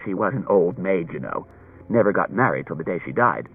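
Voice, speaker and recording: Reading an audiobook, a man performs a full character voice for a chatty, anxious wife whose storytelling is rambling and roundabout. His voice is deep, husky, animated and brisk, on a dull lo-fi recording.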